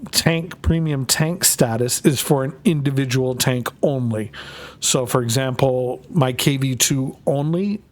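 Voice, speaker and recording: A man livestreams himself playing a game, chatting casually with viewers in a loose, rambling manner and swearing plenty. His voice sits at a medium pitch.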